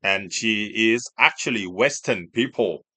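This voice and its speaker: A man's voice: lowish voice, a little slow, pushed and bright, dry recording. A man in his thirties from Thailand with a Thai accent, chatting casually and hesitantly, searching for words between fillers. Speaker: video creator. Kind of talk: casual chat with a voice assistant.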